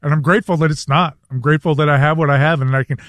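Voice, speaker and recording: Man, radio co-host, earnest and reflective, fairly high voice, dry close studio sound. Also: steady tone, very fast, a bit bright, no room sound. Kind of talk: reflective commentary on a talk show.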